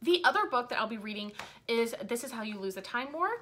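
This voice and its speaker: A woman's voice: on the high side, animated, quick pace, pushed and bright, a little hiss or hum. Rambling, swearing young woman vlogger. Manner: rambling, frank, swears often, many fillers. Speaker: book vlogger. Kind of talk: casual chat.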